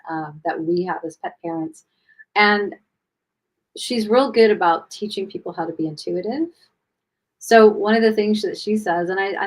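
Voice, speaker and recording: A woman's voice: fairly low pitch, low-quality recording. A woman hosting a chat about her cats, talking casually from home with lots of fillers and restarts. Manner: chatty, rambling, many fillers and restarts. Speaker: podcast host.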